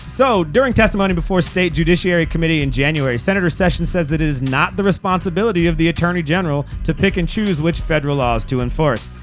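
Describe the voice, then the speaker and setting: Male podcast host, slightly high voice, angry profane ranting over news reads. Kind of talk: casual chat, reading news aloud.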